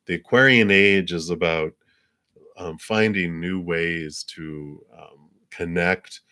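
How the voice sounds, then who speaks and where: A man giving live tarot card readings in a gentle, spiritual way, chuckling often and using many fillers. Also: low voice, takes it slowly.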